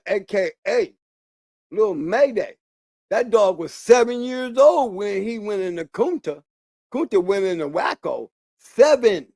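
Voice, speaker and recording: High-pitched guy rambling on his channel, repeats stuff for emphasis, dry close sound. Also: gravelly, warm tone, no room sound. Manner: emphatic, repeats key words for stress; rambling with restarts. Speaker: channel host. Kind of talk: casual monologue.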